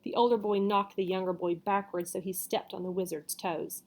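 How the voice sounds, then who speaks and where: A woman reading a storybook chapter aloud, with casual asides and quick self-corrections. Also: medium pitch, fairly even intonation, darkish tone. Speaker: reader.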